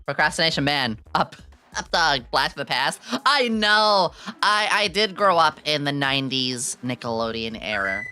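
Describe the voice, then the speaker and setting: Giggly streamer lady in her 30s, super lively voice, faint music under her. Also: low voice, normal speed, clear, resonant tone. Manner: excitable, bursts into squealing laughter. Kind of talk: casual stream chat.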